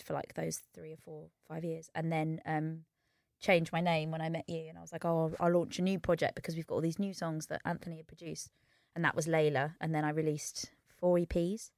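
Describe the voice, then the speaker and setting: A woman's voice: low voice, no echo, clean studio sound. A young English woman, a musician, telling stories in a chatty way with lots of fillers and restarts. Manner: chatty, fast storytelling with many fillers and restarts. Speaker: musician guest. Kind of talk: casual podcast chat.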